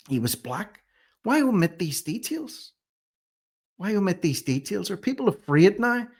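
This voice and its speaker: A man's voice: fairly high pitch, fairly bright tone. Indignant man questioning. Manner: reads news reports aloud, then argues. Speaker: host of a commentary channel. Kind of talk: opinionated commentary vlog.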